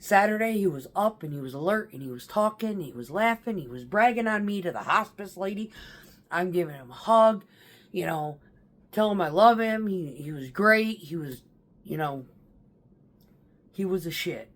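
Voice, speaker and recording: A woman's voice: fairly low pitch, lively intonation, normal speed. Woman vlogger, conversational grief story, rambling and candid, casual swearing.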